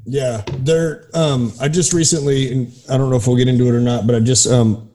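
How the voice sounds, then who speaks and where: A man hosting a podcast in a casual faith conversation, speaking in an agreeable, measured way. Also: medium pitch, steady tone, mellow. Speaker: podcast host.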